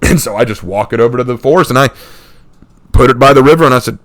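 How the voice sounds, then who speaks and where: Brief: American man, mid-pitched voice, hosting a channel, telling stories and laughing easily. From United States. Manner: lively anecdote telling, laughs often; acts out people in the story with quick impressions. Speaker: channel host. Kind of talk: casual storytelling.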